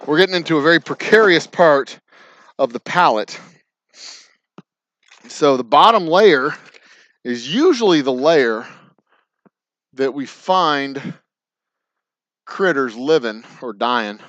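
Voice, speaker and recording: Texan man, fairly high voice, casual joker, rambling and profane while he works. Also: lively intonation, slow pace, pauses often, a bit bright, no room sound, highs cut off. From Texas. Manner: rambling, joking, profane, counts aloud under his breath. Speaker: distiller and livestream host. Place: distillery bottling floor, indoors.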